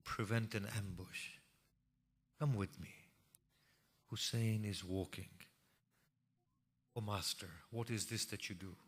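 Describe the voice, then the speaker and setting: A man narrating an emotional religious story in a sermon, moving from hushed tones to impassioned cries. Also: on the low side, fairly even intonation, unhurried, pauses often, slightly rough. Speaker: preacher.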